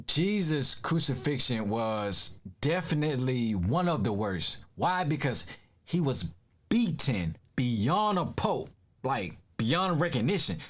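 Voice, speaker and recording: A man giving casual reaction commentary, emphatic and slangy, laughing often. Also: fairly high pitch.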